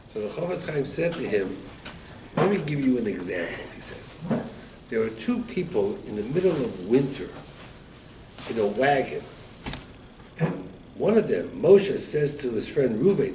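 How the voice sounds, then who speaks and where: A man teaching a Torah class, telling stories and acting out the quotes with lively rises in his voice. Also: a little slow. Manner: animated storyteller, acts out quotes with rising pitch. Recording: echoey room, mic at a distance, faint background noise.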